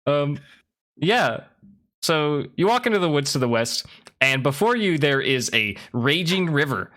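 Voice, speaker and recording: A man's voice: fairly high pitch, sing-song, unhurried, a bit bright. Guy running a tabletop game, casual and giggly, lots of ums. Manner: casual, giggly, filler-heavy. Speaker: game master.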